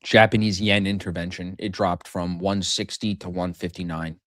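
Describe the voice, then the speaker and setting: A man's voice: low voice, steady tone, moderate pace, a bit bright, dry recording, studio quality. A man in his thirties hosting a live trading stream, brash and joking, swearing freely in casual chat.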